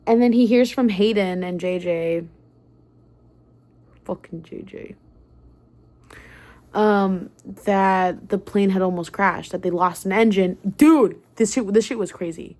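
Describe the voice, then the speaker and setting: A young woman ranting about a book straight to camera, her voice sitting at an ordinary middle pitch. She talks casually and excitably, swears freely and strings her thoughts together with plenty of "like" and "um". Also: slow, long pauses. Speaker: book vlogger.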